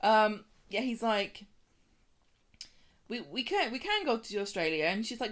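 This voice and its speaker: A woman's voice: fairly high pitch, big pitch swings, unhurried, long pauses, a bit bright. A woman co-hosting a podcast, chatting casually and joking as she recaps a soap opera, acting out the characters' lines in a raised voice. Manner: chatty, jokey, acts out quotes in a raised voice. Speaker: podcast co-host.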